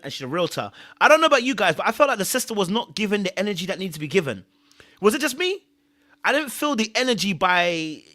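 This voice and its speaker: A man's voice: on the high side, sharp tone. A man hosting a live-stream recap show, chatting casually, thanking viewers and giving earnest, repetitive advice. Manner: chatty, repeats himself, thanks viewers often. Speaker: show host reviewing a reality series.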